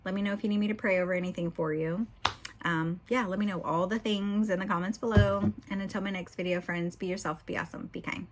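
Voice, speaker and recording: A middle-aged woman talking casually to her viewers at a middle pitch. She is candid and chatty and keeps her speech loose and personal, sprinkled with "you know". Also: steady tone, quick pace, slight background noise. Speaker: book vlogger. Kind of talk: casual vlog chat.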